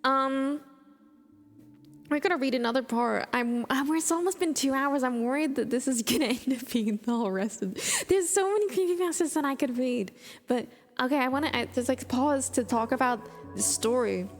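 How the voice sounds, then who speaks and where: A woman with a slightly high voice reads horror stories aloud on a live stream, drifting into chatty, rambling asides. Her voice rings with a long reverb, and clear music plays underneath. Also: moderate pace.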